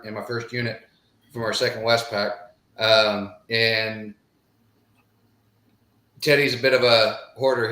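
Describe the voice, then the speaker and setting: A middle-aged podcast co-host chats casually on a live show, reading out viewer comments in a drawling manner packed with filler phrases. His medium-pitched voice sounds pushed and bright, in an echoey room.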